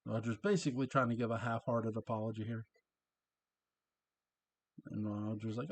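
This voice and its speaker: A man's voice: fairly low pitch, steady tone, moderate pace, husky, no echo. A man casually recapping and reviewing a TV episode, chatty and chuckling at his own asides.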